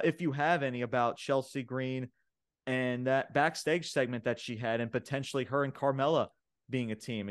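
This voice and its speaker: A man co-hosting a wrestling podcast, recapping the show in casual chat, excitable and full of fillers and laughs. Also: mid-range voice, smooth. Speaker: podcast co-host reviewing wrestling.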